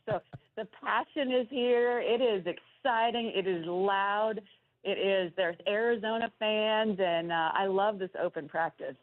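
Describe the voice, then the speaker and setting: Woman on the phone, sounds all tinny, chatty and excited, calling in from an arena tunnel. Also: mid-range voice, unhurried. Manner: upbeat storytelling, enthusiastic. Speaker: guest on the phone. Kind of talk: phone-in interview.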